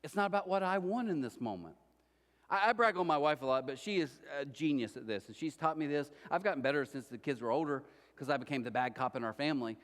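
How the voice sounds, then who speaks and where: A man's voice: medium pitch, quick pace, few pauses. A middle-aged man preaching a sermon as pastor, telling humorous stories and speaking directly to the congregation. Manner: lively humorous storytelling, addresses the congregation directly. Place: church auditorium. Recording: reverberant church hall.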